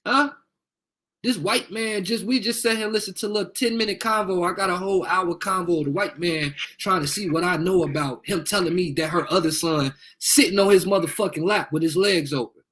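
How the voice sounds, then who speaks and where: A man's voice: high-pitched, fairly quick, a bit bright. A man speaking into his phone on a live video, confrontational and profane, repeating himself as he appeals to viewers. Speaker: livestreamer asking viewers for help. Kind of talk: heated live video rant.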